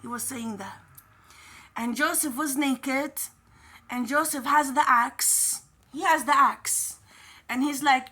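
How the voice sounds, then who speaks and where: A woman's voice: high-pitched, slow, pauses often, bright, forceful tone. A woman casually retelling a story, often repeating her phrases.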